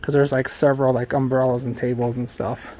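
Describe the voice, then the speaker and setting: A middle-aged man, a travel vlogger who hosts his own channel, films a casual vlog on a handheld phone camera, walking a city sidewalk and later sitting in a small car. His medium-pitched voice is brisk, flat and dark, and he chats with plenty of fillers and joking asides. The recording is rough.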